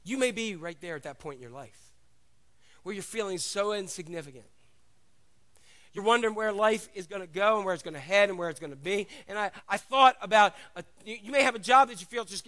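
A middle-aged man preaching a sermon, telling stories in an animated, casual way. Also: sits high, fast. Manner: animated storytelling, casual asides. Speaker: pastor.

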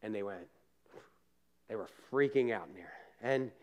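A male pastor preaching casually, telling lively personal stories, acting out scenes and laughing at himself, with asides to the congregation. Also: lowish voice, normal speed, muffled recording. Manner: animated storyteller, acts out scenes and laughs at himself.

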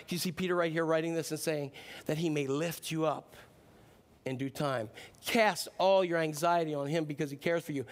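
A high-voiced middle-aged man delivers a sermon. He talks to the congregation in a conversational, personal way, then builds to emphatic, declarative peaks. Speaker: pastor.

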